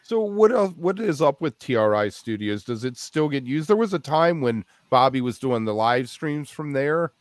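A man's voice: mid-range voice, animated, normal speed, hardly any pauses, no echo. Middle-aged man co-hosting, dry sound. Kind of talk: casual chat.

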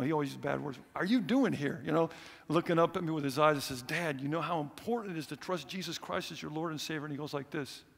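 A middle-aged man preaching a sermon as a visiting missionary, telling stories in an animated, earnest way. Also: on the high side, vocal fry. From United States. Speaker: missionary speaker. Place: church hall. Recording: echoey church hall.

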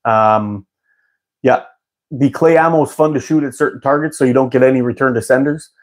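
A man's voice: medium pitch, fairly quick. A man hosting a live stream, chatting casually with viewers in a rambling way and laughing often. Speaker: live-stream host answering chat.

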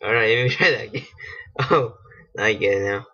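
A man giving casual let's-play commentary, excitable and swearing, laughing at himself. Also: on the low side, normal speed, slightly rough. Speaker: gaming channel host. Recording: dull lo-fi home mic.

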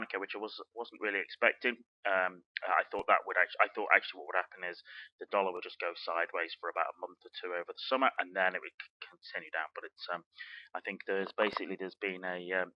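A man's voice: low-pitched, no room sound. A man teaching forex chart analysis in a rambling way, full of "you know" and "okay?" check-ins. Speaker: forex trading educator. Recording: dull, dry lo-fi recording.

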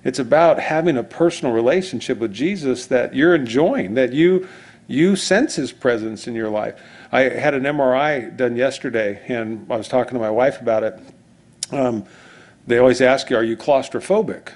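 A man's voice: mid-range voice, normal speed, darkish tone. A man preaching as pastor, in a rambling conversational sermon full of asides and restarts.

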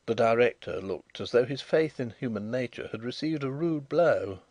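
A man narrating a classic detective story in a lively, expressive storytelling manner. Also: mid-range voice, normal speed, no echo. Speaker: audiobook narrator. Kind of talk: scripted narration.

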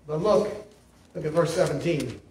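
A man's voice: a little high, normal speed, darkish tone, a little hiss or hum. A male pastor preaching a sermon in an emphatic, repetitive way, often checking in with "see?". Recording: echoey room, mic at a distance.

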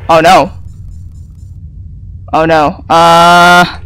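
A woman playing a co-op game and chatting casually, laughing easily and reacting loudly. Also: on the low side, little pitch movement, very slow, clear, resonant tone. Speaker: co-op game player. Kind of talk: casual gaming chat.

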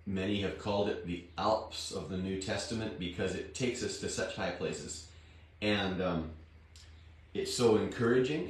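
A man hosting a devotional Bible reading, talking in a homely, plain-spoken way with a slightly rough morning voice. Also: lowish voice. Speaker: devotional host and Bible reader. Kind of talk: slow, unhurried devotional talk. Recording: very echoey room, distant mic, faint guitar.

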